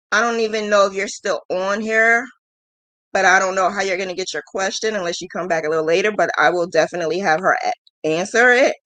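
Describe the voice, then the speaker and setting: A woman's voice: medium pitch, sharp tone. A woman in her thirties hosting a livestream in casual chat. She rambles frankly, often laughs, and pokes fun at herself. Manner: frank and self-deprecating. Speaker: livestream host.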